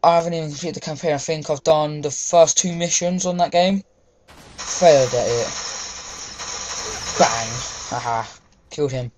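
A man's voice: fairly high pitch, moderate pace, pauses often, darkish tone. A young man, chatting casually over gameplay, rambling with lots of fillers. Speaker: gaming commentator.

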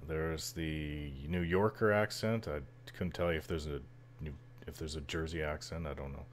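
Very deep-voiced man rambling. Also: steady tone, normal speed, slight background noise. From Canada. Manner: rambling, chuckles often, many fillers. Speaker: gameplay commentator. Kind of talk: casual let's-play chatter.

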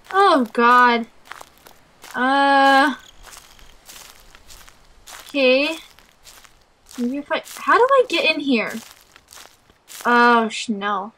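Jumpy young woman with a high bright voice. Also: animated, drawn-out words, long pauses, poor audio. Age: young adult. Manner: jumpy, nervous, talks to herself and shrieks at scares. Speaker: let's play gamer. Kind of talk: horror game commentary.

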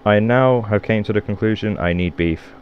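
Gamer guy, low voice, loose swearing commentary, faint hiss under a home mic. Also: normal speed, highs cut off. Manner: rambling, swearing, self-mocking. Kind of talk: let's play commentary.

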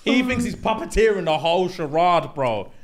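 A young man, co-hosting a podcast and recounting a reality show with lively slang-heavy storytelling. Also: high voice, moderate pace. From England. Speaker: podcast co-host. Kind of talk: casual chat.

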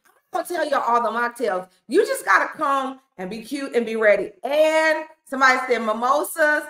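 Brief: woman pastor, slightly high voice, playful and chatty with her viewers, echoey room. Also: lively intonation, normal speed, pushed and bright. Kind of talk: hyped livestream announcement.

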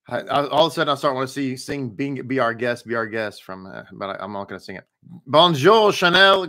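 A rabbi teaching to his online viewers, upbeat and chatty, who keeps putting rhetorical questions to them. His voice is bright and forward and sits somewhat high for a man. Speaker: rabbi teaching a daily Torah study. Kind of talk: live-streamed teaching and greetings to viewers.

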